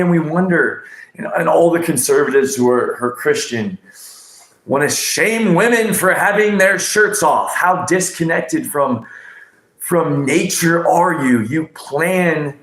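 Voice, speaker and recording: A man's voice: on the high side, animated, slow pace, pauses often, a bit bright, roomy sound. A man hosting a livestream oracle card reading, ranting and rambling with profanity and pet names for viewers. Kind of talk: casual livestream chat.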